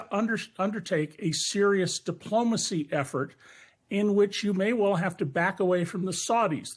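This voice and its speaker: A man from the United States joins a live news debate as a guest. His voice sits a little high, and he talks bluntly and critically, pausing often on filler words. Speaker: political commentator guest.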